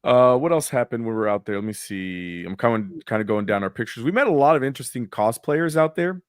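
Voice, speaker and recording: A man's voice: medium pitch, animated, fast talker, clear, resonant tone, no room sound, studio quality. Laid-back swearing man telling stories. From Sacramento, California. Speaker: podcast co-host. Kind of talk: casual chat.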